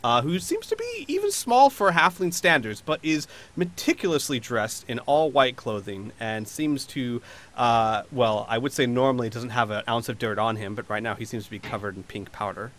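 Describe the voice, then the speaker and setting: A man's voice: medium pitch, very animated, moderate pace, fairly bright tone. A man narrating a tabletop role-playing game as game master, rambling at times with fillers and restarts.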